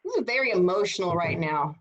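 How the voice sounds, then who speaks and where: A woman giving a casual, animated history seminar over a video call, checking in with her students. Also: fairly low pitch, fast, muffled recording. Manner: animated, conversational, asks rhetorical "right?". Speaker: history instructor.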